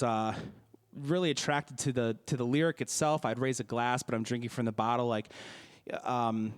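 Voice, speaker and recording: A man's voice: mid-range voice, smooth. A young man, a singer-songwriter from the Milwaukee area, answering interview questions in a casual, hesitant way with many fillers and restarts.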